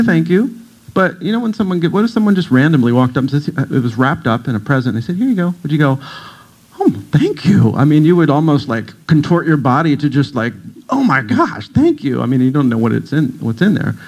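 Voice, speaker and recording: Gravelly, playful man speaking to a congregation. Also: on the high side, a little mellow, low-quality recording. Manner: playful, jokey storyteller who acts out voices. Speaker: guest speaker, breathwork teacher. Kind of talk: casual talk to a church audience. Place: congregation hall.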